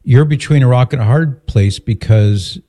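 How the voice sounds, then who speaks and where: A man hosting a call-in radio show, calmly steering the caller with summarizing questions. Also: mid-range voice, normal speed. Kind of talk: advice call-in radio talk.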